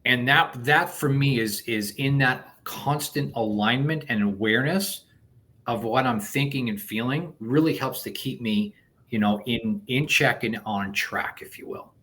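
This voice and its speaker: A man being interviewed as a coach, explaining a technique step by step in an animated way, with frequent restarts. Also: mid-range voice, a little slow. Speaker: guest coach. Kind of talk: conversational interview.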